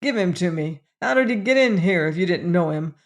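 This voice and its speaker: A man's voice: high-pitched, moderate pace, natural voice. A man voicing an enraged older steel magnate who roars accusations in a blustering fury. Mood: furious. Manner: roaring, furious, commanding.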